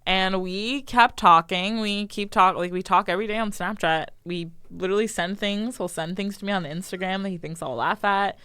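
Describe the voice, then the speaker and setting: A woman's voice: mid-range voice, normal speed, few pauses, fairly bright tone, smooth, no echo. A young woman co-hosting a podcast, chatting animatedly and laughing often. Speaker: podcast co-host. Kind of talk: casual chat.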